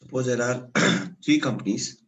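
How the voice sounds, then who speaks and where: A man's voice: mid-range voice, unhurried, low-quality recording. A man with an Indian English accent giving a classroom lecture, questioning students and explaining step by step while slipping into Hindi.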